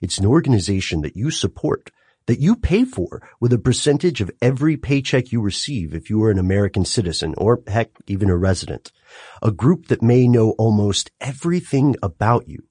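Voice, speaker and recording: A man co-hosting a podcast in casual chat, animated and quick to laugh. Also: lowish voice, breathy edge, no room sound, studio quality. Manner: animated, laughs often, lively emphasis. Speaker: podcast co-host.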